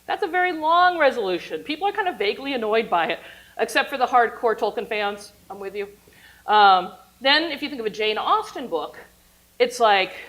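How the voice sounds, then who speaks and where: A woman lecturing on storytelling in a playful, animated way, laughing and cheering along with her own examples. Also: a little high, low-quality recording. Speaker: university teacher giving a workshop class.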